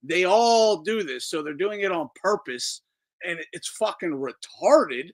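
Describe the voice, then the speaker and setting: A man's voice: high voice, lively intonation, measured pace. Swearing man ranting over a boxing clip. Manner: profane, rambling, incredulous. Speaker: boxing talk show host. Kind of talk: casual livestream commentary. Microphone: streaming microphone.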